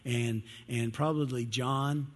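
A man delivers a sermon in a relaxed, folksy storytelling manner. His voice is husky, neither high nor low. It rings with the long reverb of a large hall. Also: slow pace. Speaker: preacher.

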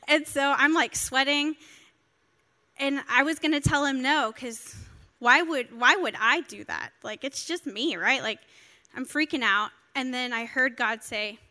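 Bright, high-voiced woman pastor preaching. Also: a little slow. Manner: animated storytelling, quoting others, emotional. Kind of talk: sermon. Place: church.

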